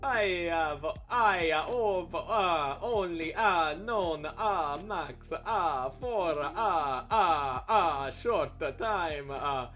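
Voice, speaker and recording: An over-the-top stereotypical Italian fellow, as a man puts him on, loud and a bit higher than plain speech, with a bright, forceful ring. He halts on an "uh" between almost every word, hammy and deliberately obnoxious, with faint music underneath. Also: expressive, full character voice. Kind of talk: comic put-on accent on a livestream.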